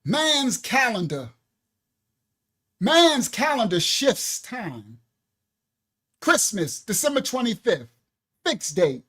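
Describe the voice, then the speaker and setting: A man's voice: extremely high pitch, big pitch swings, slow, pauses often, sharp tone, husky. Fervent man teaching scripture. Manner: fervent, exclaiming, bursts of laughter. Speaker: Bible teacher. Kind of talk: livestreamed scripture lesson. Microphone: own desk microphone.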